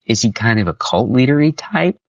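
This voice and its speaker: A man, a voice actor guest, chatting casually and enthusiastically in an interview, with animated, expressive delivery. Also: mid-range voice, brisk, no echo, muffled recording.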